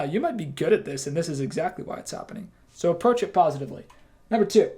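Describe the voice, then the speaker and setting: A young man leading a team training session, talking casually and with emphasis and acting out quick quoted lines. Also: on the high side, warm tone. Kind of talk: training talk to camera.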